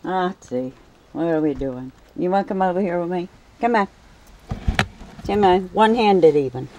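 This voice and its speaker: A woman's voice: fairly low pitch, lively intonation, moderate pace, noisy background. A woman at home at night, filming with a handheld camera as she coos at and scolds her pets in a sing-song voice, then talks to the viewers. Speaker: pet keeper vlogger. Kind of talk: casual talk to her pets while filming.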